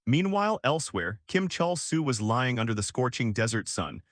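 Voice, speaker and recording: A man reading a scripted story recap as narrator, in a steady storytelling delivery. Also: mid-range voice, moderate pace, no echo, clean studio sound.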